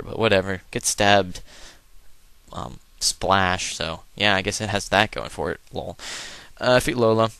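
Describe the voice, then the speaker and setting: In a fairly low, bright voice that comes across forceful yet smooth, a let's play commentator chats casually over his game with no echo. He wanders through crude jokes and lets his remarks fade into mumbling.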